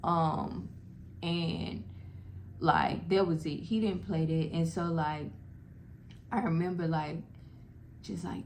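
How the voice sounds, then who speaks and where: A young woman speaks straight to her viewers, telling a personal story in a loose, heartfelt way and calling them "y'all". Her voice sits a little low and carries a gravelly fry. Faint noise runs under the recording. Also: steady tone, takes it slowly, pauses often, darkish tone. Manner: casual, heartfelt, addresses viewers as "y'all", many "like" fillers. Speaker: vlogger sharing a personal story. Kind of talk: emotional personal storytelling to camera.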